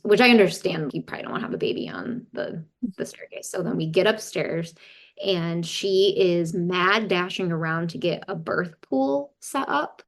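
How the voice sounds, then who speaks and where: Low gravelly woman telling a story. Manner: candid, recounts events and quotes others. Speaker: podcast guest, doula. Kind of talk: casual storytelling.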